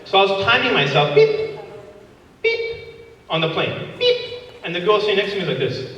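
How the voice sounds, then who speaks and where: A man's voice: sits high, expressive, fast, pushed and bright, lo-fi sound. A man in his thirties doing a stand-up comedy set, working the crowd and acting out voices and sound effects. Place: large hall before a live audience. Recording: echoey hall recorded from far off.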